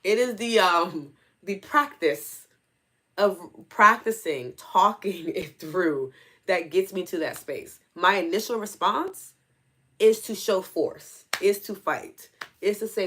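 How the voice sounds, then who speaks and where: Animated woman chatting with her viewers. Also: mid-range voice, slow, a little hiss or hum. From New York City. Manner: animated, laughs often, talks to her audience directly. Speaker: host. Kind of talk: live stream chat reading viewer comments.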